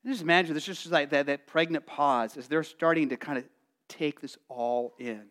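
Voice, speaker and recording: A male pastor preaching a sermon, telling the story in a lively way and acting out excited voices. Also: fairly high pitch, moderate pace. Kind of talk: Easter sermon.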